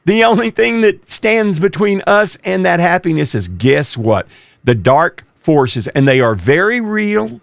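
Lively preacher guy, gravelly voice, dry close sound, gets forceful. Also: high-pitched, a little slow, no echo. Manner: emphatic, rising to forceful exhortation. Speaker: preacher and radio show host, former police officer. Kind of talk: preaching talk.

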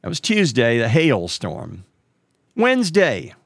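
A middle-aged man, telling a story casually and jumping way up in pitch when he quotes other people. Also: slow, creaky, no room sound, clean studio sound. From Texas. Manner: animated, jumps way up in pitch when quoting others.

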